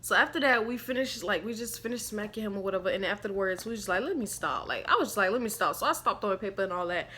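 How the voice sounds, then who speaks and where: A woman's voice: medium pitch, animated, fast talker, few pauses, pushed and bright, a little hiss or hum. A woman casually telling a rambling, slangy story to her viewers, laughing along as she goes. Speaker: storytime vlogger.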